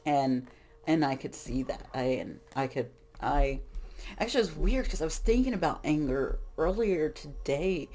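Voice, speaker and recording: A woman's voice: low-pitched, animated, moderate pace, darkish tone. A middle-aged woman, a tarot reader, talking casually about spiritual growth in a rambling, frank way that often breaks off and restarts. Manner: rambling, frank, self-interrupting.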